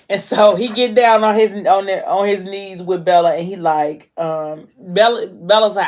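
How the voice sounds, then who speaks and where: A woman's voice: medium pitch, normal speed, few pauses, a little mellow. A woman vlogger casually retelling a novel, talking loosely with lots of "like". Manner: casual, heavy use of filler "like".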